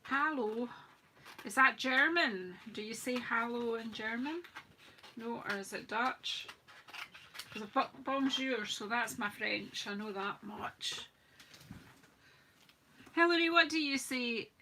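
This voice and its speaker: A woman's voice: on the high side, slow, pauses often, bright, forceful tone, a little hiss or hum. A middle-aged woman hosting a live cardmaking demonstration, chatting and poking fun at herself while greeting viewers. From United Kingdom. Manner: chatty and self-mocking, greets viewers from the comments. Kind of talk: live crafting demonstration, casual chat.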